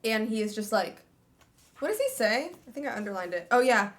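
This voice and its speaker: Animated, teasing woman on a stream. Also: a little high. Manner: animated, teasing, quick laughs. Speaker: co-host of a book club stream. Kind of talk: casual chat.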